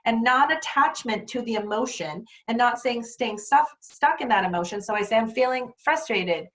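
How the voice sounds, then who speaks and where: A woman's voice: a little high, moderate pace. A woman presenting a teacher training session, talking earnestly and animatedly with frequent rhetorical questions. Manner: earnest, animated, acts out quoted dialogue. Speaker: workshop presenter.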